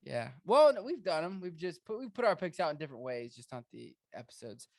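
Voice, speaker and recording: A man hosting a casual fantasy football podcast, energetic and joking in quick banter with his co-host. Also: fairly high pitch, creaky, dry recording. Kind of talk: casual sports podcast chat.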